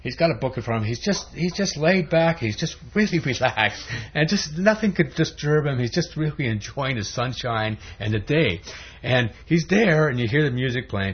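A man's voice: mid-range voice, lively intonation, a little fast, breathy edge. A man preaching a sermon in a loose, conversational storytelling manner, on a dull lo-fi recording.

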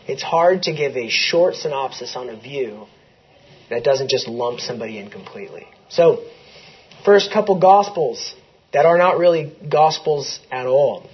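Husky-voiced man telling a story in a sermon. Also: medium pitch, muffled recording. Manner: conversational storytelling, acts out both sides of dialogue. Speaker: pastor.

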